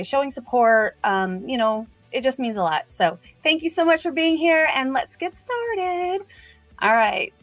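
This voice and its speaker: A middle-aged woman hosting a casual livestream, upbeat and a little nervous, greeting viewers one by one in quick, chatty bursts. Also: on the high side, no room sound. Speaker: livestream host.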